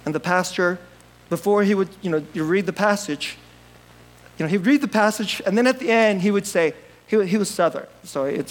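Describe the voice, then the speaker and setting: A male pastor preaching a sermon in an animated, jokey manner, laughing often and swinging between loud bursts and quiet asides. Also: sits high, moderate pace, slight background noise, poor audio.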